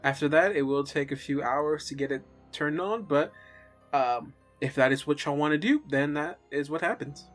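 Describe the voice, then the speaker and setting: A man's voice: fairly high pitch, soft background music. Laid-back man running a tabletop game. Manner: relaxed, halting with many fillers. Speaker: game master.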